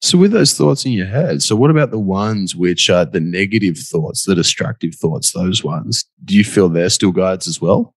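A man's voice: sits low, lively intonation, normal speed, few pauses, no echo. A man hosting an interview, asking questions in a chatty, colloquial way and stacking up examples. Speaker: podcast host.

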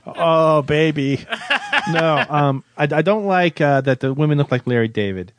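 A man's voice: fairly high pitch, normal speed, a little hiss or hum. A man co-hosting a comedy podcast, ranting in exasperation over his gripes. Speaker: podcast co-host. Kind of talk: comedic rant about a film.

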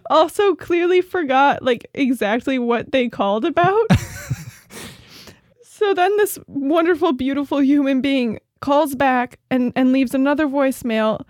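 A woman's voice: high voice, a little slow, darkish tone, dry recording, clean studio sound. A woman co-hosting a podcast in casual chat, playful and giggly. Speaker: podcast co-host.

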